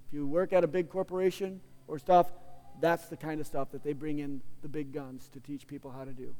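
High-voiced pastor preaching in a reverberant hall. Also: male voice, a little mellow. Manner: casual, conversational teaching with frequent restarts and playful asides. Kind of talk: sermon.

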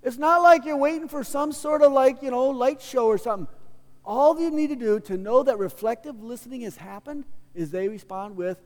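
Male pastor, high voice, casual conversational sermon delivery, long reverb of a big room. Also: animated, moderate pace, darkish tone. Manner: casual, conversational teaching with frequent restarts and playful asides.

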